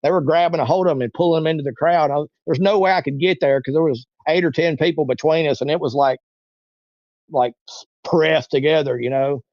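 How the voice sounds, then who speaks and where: A man in his forties tells a long story in a loose, rambling way, with a voice a little higher than most men's. The sound is muffled and a bit lo-fi, and it is very dry with no room around it. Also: fairly quick, dry recording. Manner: rambling, acts out quoted voices. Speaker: interview guest. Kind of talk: casual storytelling.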